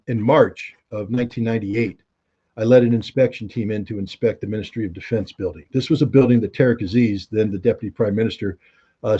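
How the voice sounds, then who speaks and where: A husky, dark-toned middle-aged man from the United States, a former weapons inspector telling stories in an interview. He brings the anecdotes to life by voicing the other people in them. The audio is a little dull and lo-fi. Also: mid-range voice. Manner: animated anecdotes, acting out quoted dialogue. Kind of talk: interview storytelling.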